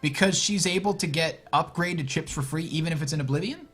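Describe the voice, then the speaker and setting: A man casting a card game tournament, thinking out loud and reacting with puzzled surprise. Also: a little high, fairly quick, faint music behind. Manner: thinks aloud, puzzled and animated. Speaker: tournament commentator. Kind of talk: casual game commentary.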